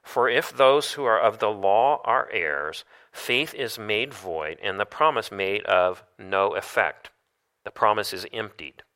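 Bright-voiced male preacher teaching a sermon. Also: lowish voice, expressive, unhurried, smooth. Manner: teaching, asks rhetorical questions, reads verses aloud.

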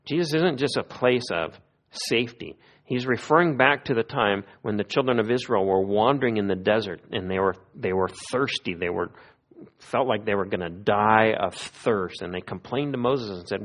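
A man preaching a sermon in an earnest way, his voice rising in emphatic pleas and dropping to hushed, prayerful lows. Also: moderate pace. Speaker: pastor.

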